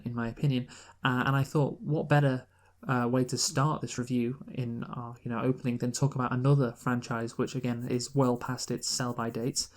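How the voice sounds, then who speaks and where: Chatty man with frequent laughs. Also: mid-range voice. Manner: chatty, rambling, laughs often. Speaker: podcast co-host. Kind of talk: casual chat.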